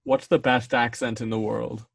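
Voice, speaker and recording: A man's voice: mid-range voice, flat delivery, moderate pace, creaky, fairly bright tone, breathy edge, no echo. Teasing teen guy, dry close sound. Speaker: student. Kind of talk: casual chat with friends on a call.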